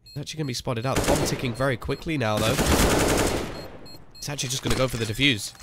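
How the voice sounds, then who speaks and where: A man casting a competitive shooter match solo, calling the plays with sudden rises in excitement and chatting with his viewers between rounds. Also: medium pitch, fast, pauses often, noisy background. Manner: excitable play-by-play that slips into chat with viewers. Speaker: esports caster. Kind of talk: live game commentary. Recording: game gunfire and clicks behind the voice.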